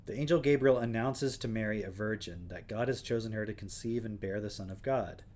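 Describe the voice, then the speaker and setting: A man's voice: fairly low pitch, brisk, darkish tone. A man hosting a livestream, reading passages aloud and breaking off with wry, sarcastic questions in a casual chat style. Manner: wry, sarcastic asides between read passages. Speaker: livestream host.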